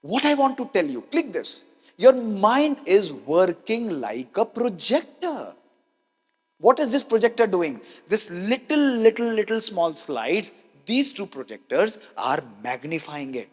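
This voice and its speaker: Guy in his 50s giving a motivational talk, really lively up-and-down voice, big echoey hall. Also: sits high, measured pace. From India. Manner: emphatic, repeats key lines, asks the audience rhetorical questions. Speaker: doctor giving a health talk. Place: large hall with an audience. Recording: long hall reverb.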